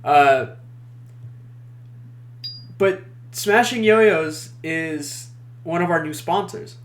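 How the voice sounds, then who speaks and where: An easygoing man with a fairly high voice hosts a casual podcast chat. He jokes around and often restarts his sentences. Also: drawn-out words. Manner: easygoing, joking, hesitant restarts. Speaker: podcast host.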